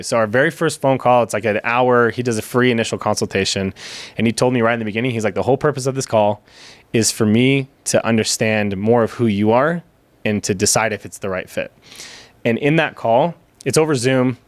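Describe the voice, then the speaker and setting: A man's voice: medium pitch, no room sound. A man on a podcast as the guest, telling a story candidly in casual chat, cursing now and then and acting out the lines of people he quotes. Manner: candid storytelling, swears, acts out quoted dialogue.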